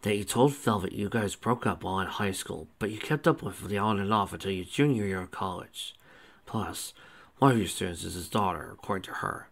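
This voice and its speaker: A dry, wisecracking adult man, tender toward his partner, speaks in a deepish voice, as a man reads him. His remarks come across deadpan and easygoing. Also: a little fast. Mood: wry.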